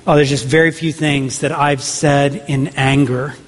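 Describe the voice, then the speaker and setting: A man's voice: fairly high pitch, fairly even intonation, measured pace. A man who is a pastor preaching a sermon in a church, talking conversationally with rhetorical questions and frequent restarts. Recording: long reverb of a large hall.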